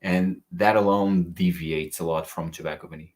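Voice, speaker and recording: Very low-voiced man reviewing fragrances. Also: fairly even intonation, moderate pace. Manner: chatty, reads live chat comments aloud. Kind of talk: casual livestream review.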